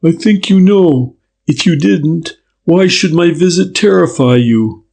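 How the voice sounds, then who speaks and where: Courteous firm detective guy, a man reading him, raised pitch, gravelly edge. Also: expressive, a little mellow, heavily acted. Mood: polite pressing. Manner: polite, pressing, measured. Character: courteous firm middle-aged male detective inspector.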